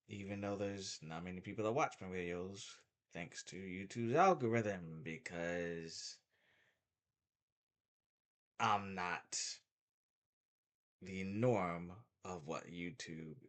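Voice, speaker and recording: A man's voice: deep voice, fairly bright tone. A middle-aged man giving a heated, repetitive opinion rant as a sports vlogger, stumbling and restarting as he talks.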